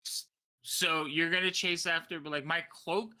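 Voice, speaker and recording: A man's voice: on the high side, level tone, moderate pace, sharp tone, clean tone. A man narrating as game master, tired late at night, rambling and correcting himself as he goes.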